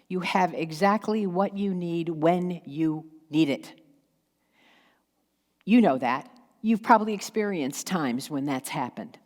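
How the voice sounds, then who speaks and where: Slow-preaching woman pastor in echoing hall. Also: on the low side, a little mellow. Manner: slow, emphatic preaching with pauses and acted asides. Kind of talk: sermon. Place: church sanctuary. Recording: long hall reverb.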